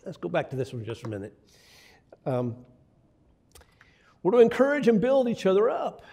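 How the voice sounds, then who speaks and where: A man's voice: high voice, huge pitch swings, moderate pace, mellow, husky. An older man preaching a sermon, telling folksy stories with asides to the congregation. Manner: folksy storytelling with asides to the audience.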